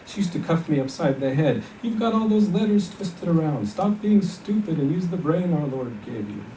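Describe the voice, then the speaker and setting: A man reading fiction aloud, voicing a rough, self-mocking young soldier with a blunt, terse manner. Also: fairly high pitch, animated, normal speed, dark tone, a little hiss or hum, voice pushed up, close to an everyday voice. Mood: bitter. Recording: echoey hall from far off.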